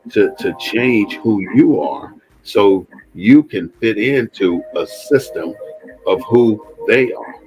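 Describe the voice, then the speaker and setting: A man's voice: fairly low pitch, low-quality recording. Blunt, emphatic male commentator. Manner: blunt and emphatic, repeats phrases, swears freely. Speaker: host. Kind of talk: impassioned monologue commentary.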